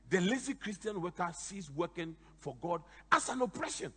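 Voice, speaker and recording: A bishop preaching a sermon, telling animated stories with sudden shouted emphasis. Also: male voice, sits high, moderate pace, slightly rough, big-room sound.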